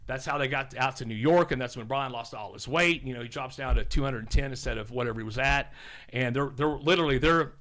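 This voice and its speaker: A man in his fifties from Oklahoma, a podcast guest telling rambling stories in a casual, animated way and swearing now and then. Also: mid-range voice, quick pace. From Oklahoma, USA. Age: 50s. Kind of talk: casual storytelling.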